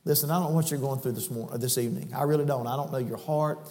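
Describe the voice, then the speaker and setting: A man preaching a sermon in a church, shifting between folksy storytelling and loud, high-pitched exhortation. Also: fairly even intonation, quick pace. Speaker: guest preacher. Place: church sanctuary. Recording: church hall reverb.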